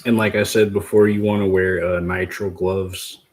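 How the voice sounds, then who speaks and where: A man with a deep, low voice talks through a hands-on project in a casual livestream tutorial. He rambles in a goofy way and breaks off to chat with his viewers. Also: flat delivery, moderate pace. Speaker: host demonstrating a DIY agar method.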